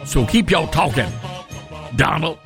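A man's voice: lively intonation, unhurried, creaky, music in the background. A man putting on a mocking, sing-song voice of a woman politician while reading her post aloud. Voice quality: high sing-song lilt.

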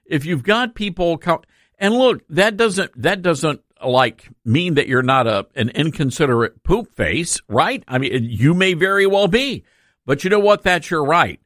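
A man's voice: fairly high pitch, lively intonation, unhurried, fairly bright tone, no room sound, clean studio sound. A man hosting a talk radio show, sarcastic and opinionated, laughing through his asides.

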